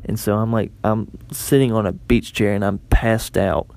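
A man's voice: lowish voice, steady tone, moderate pace, a little mellow. A young man telling a personal story in a casual, self-mocking way, rambling with frequent restarts.

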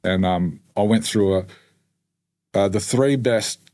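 Low-voiced man telling his story. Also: slow, darkish tone. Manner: swears freely, many fillers. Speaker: podcast guest. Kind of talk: casual storytelling.

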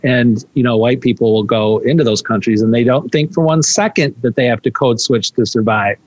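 A man's voice: medium pitch, fairly quick, no room sound, low-quality recording. Dry-sounding man asking probing questions. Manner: probing, animated when making a point. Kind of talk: conversational interview.

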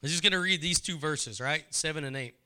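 A man preaching a sermon, often repeating his phrases and building in fervor before dropping to a hushed prayerful tone. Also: on the high side, fairly quick, smooth. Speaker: pastor.

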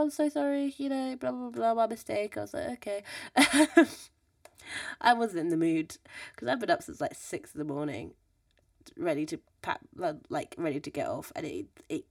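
Animated young woman telling stories. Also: medium pitch, vocal fry, no echo. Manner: animated, mimics people in quotes, laughs often, swears. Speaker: podcast host. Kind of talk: casual storytelling chat. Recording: dry, slightly distant mic.

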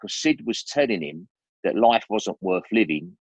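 A man's voice: fairly low pitch, expressive, moderate pace, breathy edge, dry recording. A man, telling stories as an interview guest in a chatty, slangy way with lots of restarts, on a dull, dry recording. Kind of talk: rambling casual storytelling.

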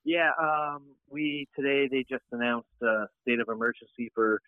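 A man from Nova Scotia in Canada, a podcast guest, talking in halting casual chat with many fillers over a call. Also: medium pitch, no room sound. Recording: tinny phone-line call audio.

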